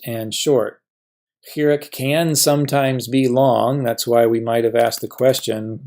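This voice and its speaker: Male teacher, mid-pitched, patient lecture voice that poses and answers its own questions. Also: a little mellow. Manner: patient, asks questions and answers them himself. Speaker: Hebrew teacher. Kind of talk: classroom grammar lesson.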